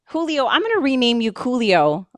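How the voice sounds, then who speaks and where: A woman's voice: a little high, big pitch swings, normal speed, no echo, studio quality. A young woman hosting an internet radio talk show, rambling and emotional, laughing often.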